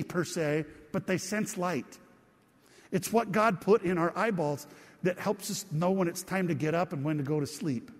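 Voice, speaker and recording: A man preaching a sermon as a pastor, chatty and joking with his congregation. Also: fairly high pitch. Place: church hall. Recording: long reverb of a church hall.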